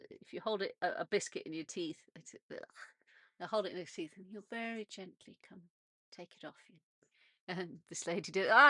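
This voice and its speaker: A woman's voice: mid-range voice, pushed and bright, no echo, studio quality. A British woman hosting a casual radio monologue from a narrowboat, chatty and meandering, with frequent restarts and little laughs. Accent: British English. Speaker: radio show host. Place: narrowboat on a canal.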